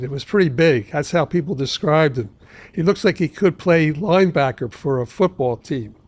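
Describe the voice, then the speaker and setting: A man in his seventies, a trial lawyer hosting his own podcast, telling stories from his cases in a measured, deliberate way. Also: fairly high pitch. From Philadelphia area. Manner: measured, deliberate storytelling with asides. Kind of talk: storytelling podcast monologue.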